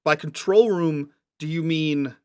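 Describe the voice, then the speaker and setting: A man's voice: a little high, a little slow, darkish tone, clear, resonant tone. A man narrating a tabletop game as game master, describing scenes patiently and checking what the players mean.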